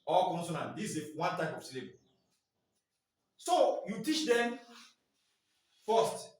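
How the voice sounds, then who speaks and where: A man's voice: high voice, big pitch swings, a little slow, pauses often. A man training teachers in phonics, quizzing the class with repeated "what?" questions. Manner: quizzing, asks "what?" and waits for answers. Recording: echoey room, mic far off.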